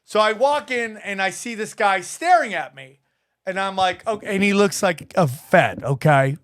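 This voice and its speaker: Brief: male podcast host, high voice, very dry close-mic sound, lively storyteller. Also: moderate pace, no echo. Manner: animated, rises high and loud acting out quotes. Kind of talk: casual storytelling chat.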